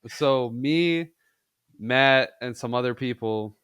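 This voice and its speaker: A man's voice: mid-range voice, slow pace, a bit bright, clear, resonant tone, dry recording, studio quality. A man co-hosting a casual podcast, telling a story in a loose, profane way and laughing as he goes. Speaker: podcast co-host. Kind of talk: casual chat.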